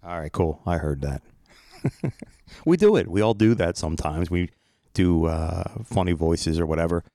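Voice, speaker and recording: Middle-aged male podcast host, deep voice, dry close sound, loose joking monologue. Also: animated, normal speed, warm tone, dry recording. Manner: rambling, playful, self-mocking. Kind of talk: casual solo podcast monologue.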